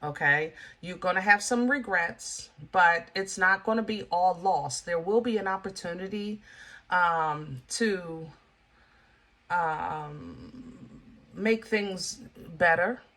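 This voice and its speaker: A woman's voice: on the low side, slow pace, a bit bright. A woman from Pennsylvania giving a casual tarot reading, blunt and emphatic, with frank, folksy speech aimed straight at the viewer. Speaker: tarot reader.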